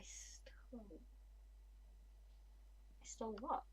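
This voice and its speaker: A woman's voice: fairly high pitch, very slow, in a whisper, poor audio. A woman, chatting casually and bluntly on a gaming livestream. She swears freely and mutters to herself as she plays. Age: 20s. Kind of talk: casual livestream chat while playing.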